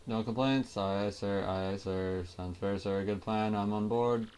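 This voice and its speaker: A man's voice: fairly low pitch, steady tone, moderate pace, darkish tone, clear, resonant tone, natural voice. A man voicing a pompous, vain male ship-owner in a video game, declaiming grandly and theatrically. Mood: commanding.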